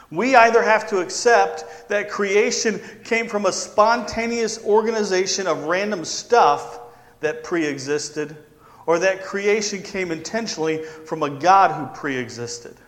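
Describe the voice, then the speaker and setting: Guy preaching a sermon, fairly high voice, repeats words for emphasis, long echo. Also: a bit bright. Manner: emphatic repetition, slowing for stress. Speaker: pastor.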